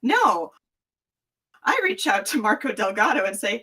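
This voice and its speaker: A woman with a Tennessee accent telling an animated, laughing story as a guest, swearing and voicing the people she quotes. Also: mid-range voice, far from the mic. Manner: laughing, swearing, quick anecdote with voiced quotes. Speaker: guest entertainer. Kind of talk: animated storytelling in casual chat.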